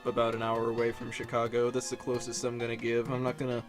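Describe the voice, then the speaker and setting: A man's voice: medium pitch, little pitch movement, normal speed, music in the background. A young man from Illinois answering viewer questions in a casual vlog, rambling, swearing, and filling his talk with "like" and "um". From Illinois, USA. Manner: rambling, profane, self-deprecating, lots of fillers. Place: dark room, alone.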